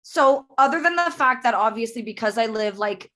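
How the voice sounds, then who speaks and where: A woman's voice: a little high, animated, normal speed, a bit bright. Woman, young adult, from Canada, casual chat, chatty, lots of fillers. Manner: chatty, many fillers, acts out quotes. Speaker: guest.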